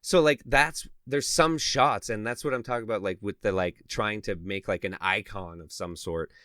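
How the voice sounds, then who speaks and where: Low-voiced man in loose podcast banter. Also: moderate pace, clean tone, dry recording, studio quality. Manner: loose and excited, with swearing and laughs. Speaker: podcast co-host. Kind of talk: casual movie review chat.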